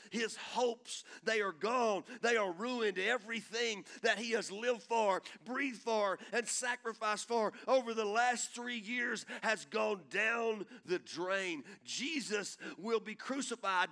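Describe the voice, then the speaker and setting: Bright-voiced man preaching with dramatic swells. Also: high voice. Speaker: pastor. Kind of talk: sermon.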